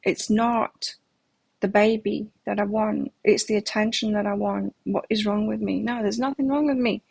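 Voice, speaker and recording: A woman's voice: mid-range voice, fairly even intonation, moderate pace, creaky, darkish tone, slightly rough, no echo. A middle-aged woman giving a live tarot reading, talking candidly and reflectively and sharing personal stories. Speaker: tarot reader.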